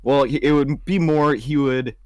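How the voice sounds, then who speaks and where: A young man co-hosting a podcast in crude, casual chat, swearing often and breaking into loud laughter at his own stories. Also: mid-range voice, moderate pace, noisy background. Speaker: podcast co-host.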